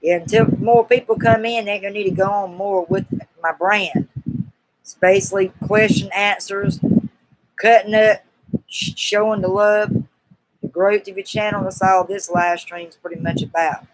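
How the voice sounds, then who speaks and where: A woman's voice: mid-range voice, steady tone, normal speed, slight background noise, poor audio. A woman with a Southern US accent hosting a casual live-stream Q&A, chatty, folksy and teasingly coaxing her viewers.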